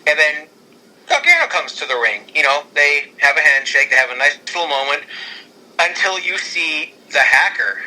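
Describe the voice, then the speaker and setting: Brief: man, casual podcast co-host, rambling, eager, very bright and fairly high voice. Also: moderate pace, low-quality recording. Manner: excitable and rambling, with frequent restarts. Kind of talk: casual podcast chat pitching storylines.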